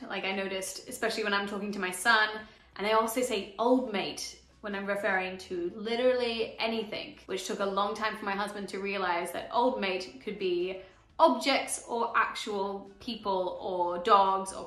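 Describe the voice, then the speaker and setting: A woman's voice: mid-range voice, sharp tone, reverberant. A young Australian woman vlogging in a casual, chatty way, laughing often and saying "like" a lot. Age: young adult. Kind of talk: casual chat to camera.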